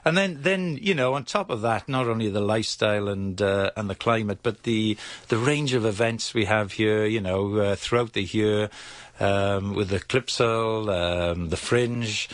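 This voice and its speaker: A middle-aged man with a Welsh accent, an agency chief speaking in a casual radio chat, pausing often with fillers and restarts. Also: fairly low pitch, dry recording. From Wales. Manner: hesitant, many fillers and restarts. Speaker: investment agency CEO.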